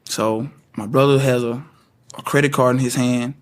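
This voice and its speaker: Brief: young man, witness account, stumbles and repeats words, mid pitch. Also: steady tone. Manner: halting, repeats words as he speaks. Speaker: witness recounting events. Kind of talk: spoken first-person account.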